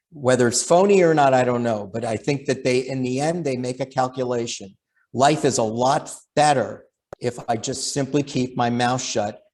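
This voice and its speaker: A man's voice: on the high side, darkish tone. A middle-aged man giving an impassioned talk, full of rhetorical questions and repeated phrases. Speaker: writer and law professor giving a talk. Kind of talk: impassioned lecture.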